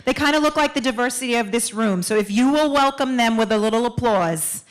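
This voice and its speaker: Excited stage performer from New York. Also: female voice, on the high side, background noise. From Queens, New York. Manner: excited, animated, quick asides. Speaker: actor and performer. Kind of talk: stage remarks to an audience. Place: stage at a town hall event.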